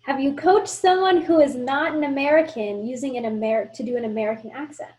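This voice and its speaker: Woman moderator with a high voice, brisk, relays audience questions. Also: darkish tone. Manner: brisk, reads out chat questions. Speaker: host reading audience questions. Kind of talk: moderating an online talk.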